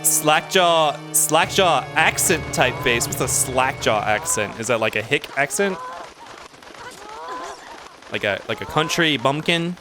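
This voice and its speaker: Excitable man streaming a game. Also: medium pitch, a little slow, music in the background. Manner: excitable, talks to himself while playing. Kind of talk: casual game commentary.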